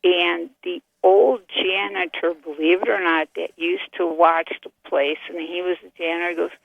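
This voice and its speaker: An older woman tells a ghost story over a tinny, dry phone line, her voice gravelly and worn. She talks in a chatty, animated way, acting out every exchange. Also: lowish voice, normal speed, no echo. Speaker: caller. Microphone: telephone.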